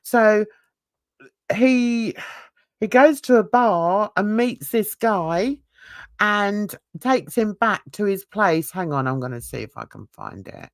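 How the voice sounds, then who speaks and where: Dry, slow-talking woman host. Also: medium pitch, no echo. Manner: animated, laughing, restarts and trails off. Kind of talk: rambling casual storytelling.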